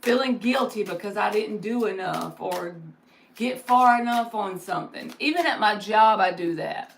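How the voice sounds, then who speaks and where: A woman's voice: mid-range voice, normal speed, creaky, slight background noise. A woman hosting a live tarot stream, chatting casually and giving encouraging spiritual advice with plenty of fillers.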